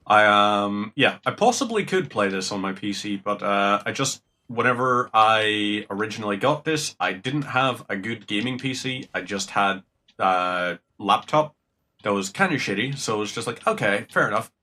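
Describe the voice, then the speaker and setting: A young Northern Irish man talks through his gameplay in a loose, rambling way. His voice is bright and forward, sits a little on the low side, and he swears casually as he goes. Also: animated, moderate pace. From Northern Ireland. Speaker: game streamer.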